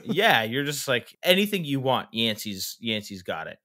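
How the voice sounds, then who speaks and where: Lively bright-voiced man chatting. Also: medium pitch, normal speed. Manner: animated, laughing, acts out quotes in raised voices. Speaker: podcast co-host. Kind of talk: casual chat.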